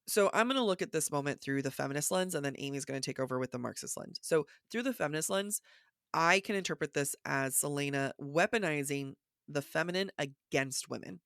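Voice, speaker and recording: A woman co-hosting a book podcast in casual chat, her voice raspy from just waking, animatedly quoting passages and thinking aloud. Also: low voice, fairly quick, a bit bright, dry recording, clean studio sound. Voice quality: raspy morning voice. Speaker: podcast co-host. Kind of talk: casual literary discussion.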